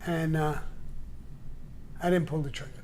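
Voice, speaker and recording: A man's voice: a little high, fairly even intonation, unhurried, warm tone, a little hiss or hum. An older man telling stories in a blunt, profane way and acting out the people in them, on a casual live show. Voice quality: gravelly. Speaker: show guest storyteller. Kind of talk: casual storytelling.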